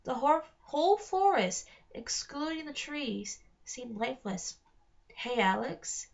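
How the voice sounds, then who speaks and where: A woman reading a children's novel aloud, careful and steady, with small slips. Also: high-pitched, a little slow, gravelly, dull audio. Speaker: reader. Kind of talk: read-aloud narration.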